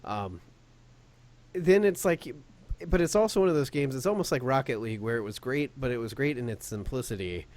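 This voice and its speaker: A man's voice: mid-range voice, lively intonation, fairly quick, a little mellow. A man co-hosting a podcast, chatting casually and jokingly about video games with nostalgic asides. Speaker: podcast co-host. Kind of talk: casual gaming chat.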